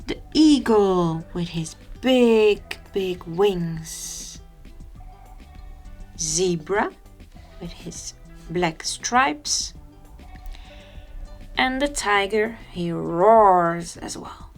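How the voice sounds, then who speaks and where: Woman, unhurried sing-song, playful animal noises, soft whispers, light music underneath. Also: medium pitch, expressive. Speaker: children's video presenter. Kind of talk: slow sing-song narration for a baby.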